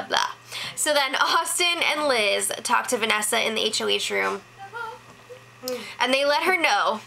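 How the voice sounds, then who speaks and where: A woman's voice: on the high side, vocal fry, pushed and bright, a little hiss or hum, rough recording. A woman giving a casual spoken recap, chatty and full of "like" fillers. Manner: chatty, lots of "like" fillers, quick mimicry of others. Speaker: reality show recap host.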